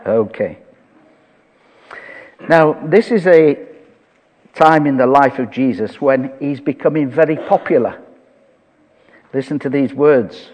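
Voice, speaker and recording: A man's voice: medium pitch, slow, long pauses, a little mellow, long reverb tail. A man preaching a sermon, reading scripture aloud and talking it through conversationally with touches of humor.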